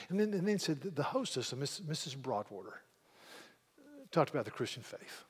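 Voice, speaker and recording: A man's voice: mid-range voice, sing-song, moderate pace, pauses often, husky. Earnest preacher man in a reverberant hall. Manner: earnest, repeats words, grows loud and emphatic. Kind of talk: sermon.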